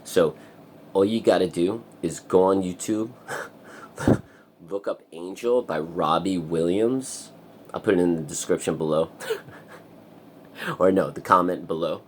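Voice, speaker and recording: A man's voice: unhurried, long pauses, slight background noise. A man talking in a rambling, profane casual monologue for his vlog. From United States. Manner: profane, rambling, breaks into loud high singing. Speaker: vlogger.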